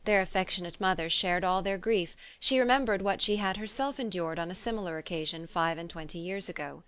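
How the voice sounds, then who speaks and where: A woman reads a classic novel aloud in a measured, even audiobook narration. Her delivery is steady and unhurried. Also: fairly low pitch, clean tone. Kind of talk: scripted narration.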